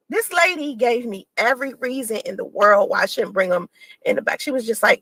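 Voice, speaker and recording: High-voiced woman telling a story. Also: normal speed, no room sound, low-quality recording. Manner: animated, acts out quoted exchanges in her telling. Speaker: mother telling her own story to camera. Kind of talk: casual vlog storytelling.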